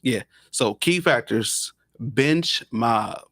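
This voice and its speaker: Excitable male sports co-host. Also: medium pitch, extremely slow, dry recording, studio quality. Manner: confident, excitable, punchy short phrases. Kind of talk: casual sports chat.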